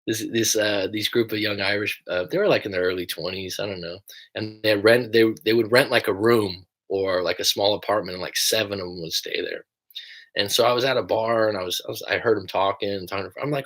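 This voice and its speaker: A man's voice: on the low side, fairly even intonation, brisk, fairly bright tone. Rambling American man, breakup coach. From United States. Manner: rambling, swears casually. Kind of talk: casual livestream chat.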